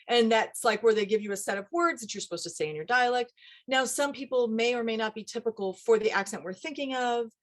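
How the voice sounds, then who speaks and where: A woman dialect coach talking casually in an interview, animated and acting out little quoted voices as she explains. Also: on the high side, fairly quick. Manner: animated, acts out quoted voices, laughs often.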